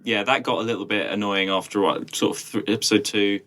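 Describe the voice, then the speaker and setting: A man's voice: on the low side, steady tone, fast talker, a bit bright. A man co-hosting a podcast in casual chat, rambling with restarts and laughing easily. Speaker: podcast co-host.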